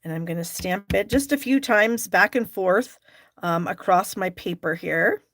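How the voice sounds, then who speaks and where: A woman's voice: mid-range voice, measured pace, fairly bright tone, no echo. A woman hosting a live stamping class, chatting and thinking aloud as she works. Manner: chatty, thinks aloud while working, fillers. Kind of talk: live craft demonstration.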